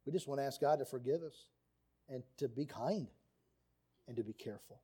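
A man's voice: medium pitch, brisk, warm tone, slightly rough. A man preaching a sermon on marriage, earnest and emphatic, reading quotes and scripture aloud. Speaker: pastor.

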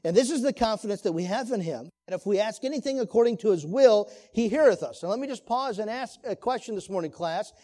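A man delivers a sermon-style lesson to a church class, earnest and questioning. His voice sits high for a man yet sounds mellow and warm rather than bright. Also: lively intonation, quick pace, hardly any pauses. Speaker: Sunday school teacher.

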